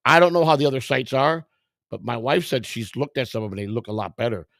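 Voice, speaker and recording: A man's voice: medium pitch, fast, vocal fry, dry recording, studio quality. A middle-aged man hosting a vlog, giving casual, rambling, profane commentary in a streetwise way. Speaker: vlog host browsing storage auctions.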